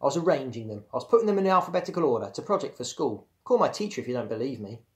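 A man's voice: medium pitch, big pitch swings, rapid-fire, lightly acted. A man reading aloud, voicing a sulky schoolboy who fibs and whines. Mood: fibbing. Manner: whiny, shouting when upset. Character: sulky fibbing schoolboy, about ten.

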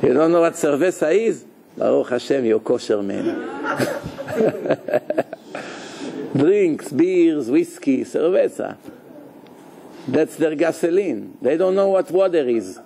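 A man, a rabbi, giving a live Torah lecture in a lively, joking way, questioning his listeners and sprinkling in Hebrew terms. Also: on the high side, takes it slowly, vocal fry, pauses often, crowd noise.

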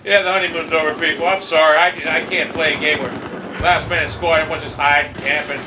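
A gamer streaming his gameplay rants angrily, swearing nonstop and complaining in exasperation. His voice is a little high, with a flat delivery and a brisk pace. The recording sounds roomy, from a distant mic, with loud game noise.

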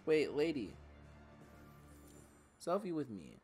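A man's voice: on the high side, huge pitch swings, takes it slowly, a little mellow, faint music behind. A man doing casual let's-play commentary, joking, swearing and laughing to himself as he plays. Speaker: gamer.

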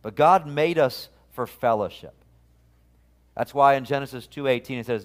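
A man's voice: medium pitch, normal speed. A man, a pastor, preaching a sermon in an earnest, conversational way, often restarting his phrases. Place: church sanctuary.

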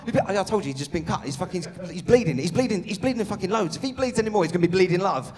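Man, stand-up comic, sweary, high and lively voice, live hall reverb. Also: very fast, hardly any pauses. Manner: sweary, crowd-teasing. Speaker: stand-up comedian. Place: comedy venue stage.

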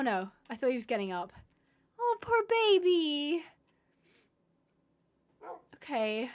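A woman's voice: very high voice, fairly bright tone. A woman streaming a game live, talking to her viewers with big emotional swings from glum muttering to shrieking distress. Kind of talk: live gameplay commentary.

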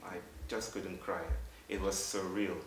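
A man in his thirties from Africa, giving an earnest, halting storytelling talk to a live audience. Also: sits low, level tone. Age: 30s. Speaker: public speaker. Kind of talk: storytelling lecture. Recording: roomy hall from a distant mic with faint hiss.

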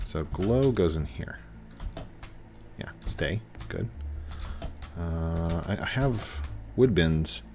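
A man's voice: low-pitched, lively intonation, drawn-out words, long pauses, a little mellow, slight background noise. A young man hosting a casual game video, chatting in a rambling way and often trailing off and restarting. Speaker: gaming video host. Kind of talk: casual gameplay commentary.

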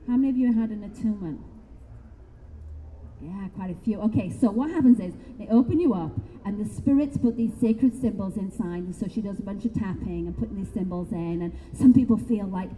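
A middle-aged woman speaking to a live expo audience, telling her story in a chatty, animated way and often checking in with "right?". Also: medium pitch, a little fast, long reverb tail, a little hiss or hum. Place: expo hall talk.

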